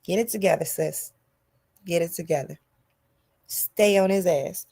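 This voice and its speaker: Woman, podcast host, comedic monologue, loud and animated, gravelly. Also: lowish voice, unhurried. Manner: loud, animated, talking to listeners.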